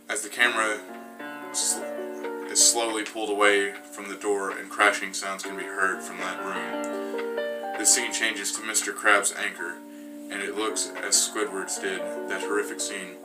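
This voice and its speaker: A man with a low, flat voice reads his own creepy story aloud, often restarting a word. He sounds set back from the microphone, and loud music plays under him throughout. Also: unhurried, far from the mic, low-quality recording. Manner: narrates in first person, with frequent restarts. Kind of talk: reading a self-written creepy story.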